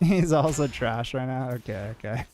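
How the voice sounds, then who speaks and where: A man from New England with a New England accent, chatting casually with his live-stream audience as a game streamer, in a mellow, fairly monotone way full of "like" fillers. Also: medium pitch, moderate pace, slight background noise.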